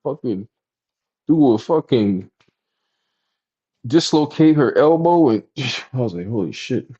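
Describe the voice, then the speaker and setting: A man co-hosting a podcast, telling stories from his youth in casual chat and jumping up in pitch when he acts out reactions. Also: slow, breathy edge, dull audio. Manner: animated storyteller, jumps high when mimicking reactions. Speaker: podcast co-host.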